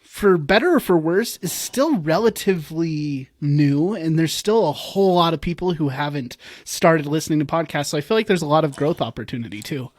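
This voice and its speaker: A man's voice: on the high side, expressive, fairly quick, dry recording. Male interview host, reflective, conversational, dry close recording. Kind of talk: casual interview talk.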